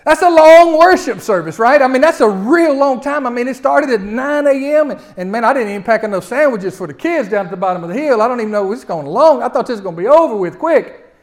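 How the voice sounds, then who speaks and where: A man preaching a sermon, telling the story with lively swings between loud outbursts and quiet asides. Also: very high-pitched, quick pace.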